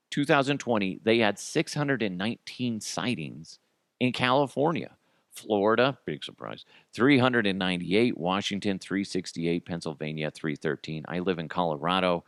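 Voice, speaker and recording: A man's voice: fairly low pitch, no echo, clean studio sound. A man hosting a comedy podcast, rambling through crude jokes and laughing at his own bits. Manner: tosses in goofy character voices. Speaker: podcast host.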